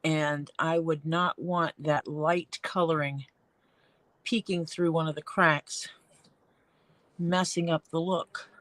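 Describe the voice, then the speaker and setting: A woman's voice: low voice, steady tone, takes it slowly, fairly bright tone, no echo. A woman streaming her leatherwork from a home basement workroom, chatting and thinking aloud as she works. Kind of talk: casual livestream chat while working.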